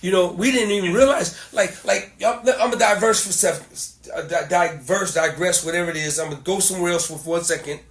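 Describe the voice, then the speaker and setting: A middle-aged man hosting a podcast as a musician, telling stories in casual conversation with lively, laughing energy. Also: high voice, a little fast, few pauses. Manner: animated storyteller who laughs often. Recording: roomy echo.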